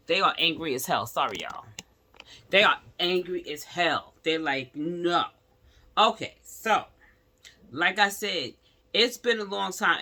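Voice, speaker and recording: A man's voice: on the high side, bright, forceful tone. A man giving casual spoken commentary to his viewers, talkative and calling them y'all. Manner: talkative, addresses viewers as y'all, growing heated. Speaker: vlogger.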